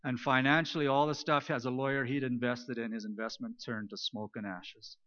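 A pastor preaching a sermon, retelling stories and moving between loud emphasis and soft, hushed lines. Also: male voice, mid-range voice, flat delivery, normal speed. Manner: storytelling, swings between loud emphasis and near-whispered quiet. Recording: dull lo-fi recording.

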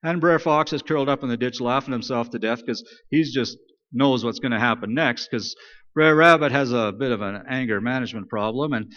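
A man's voice: medium pitch, a little fast, big-room sound, lo-fi sound. A man preaching a sermon in a church, telling a folk tale in a casual, joking way. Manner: conversational, joking, animated storyteller. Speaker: pastor. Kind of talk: sermon with storytelling.

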